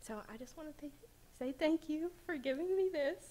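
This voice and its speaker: A woman's voice: high voice, expressive, normal speed, warm tone. A sixteen-year-old girl giving an emotional speech at a school board meeting, fighting back tears. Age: teens. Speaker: student speaker.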